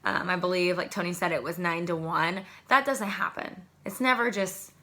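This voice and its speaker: A young adult woman casually recapping a reality show to camera in an excitable, chatty way. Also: lowish voice, moderate pace. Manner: chatty, excitable, animated asides. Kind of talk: casual chat.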